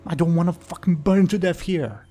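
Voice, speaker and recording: A man voicing the Weasel, a cowardly, panicky male prisoner who whines and swears in a shrill, frantic voice. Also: fairly quick, mellow, faint music behind, lightly acted.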